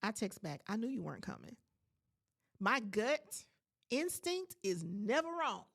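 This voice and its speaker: A woman in her forties hosting a podcast, telling a personal story in a casual, animated and emphatic way, talking straight to her listeners. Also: mid-range voice, a little slow, vocal fry. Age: 40s. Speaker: podcast host.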